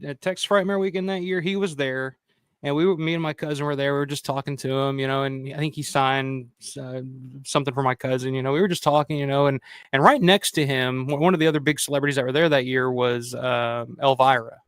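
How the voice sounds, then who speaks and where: A man's voice: mid-range voice, fairly even intonation, quick pace, smooth, no echo, studio quality. A man telling convention stories in a casual, rambling way, full of "you know" and cursing. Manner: acts out the people he quotes. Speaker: roundtable guest. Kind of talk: casual storytelling.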